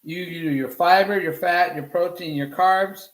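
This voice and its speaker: A man's voice: high voice, a little slow. Man, cooking instructor, casual demo, echoey room, quizzes himself as he goes. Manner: talks to viewers while cooking, asks and answers his own questions. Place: home kitchen.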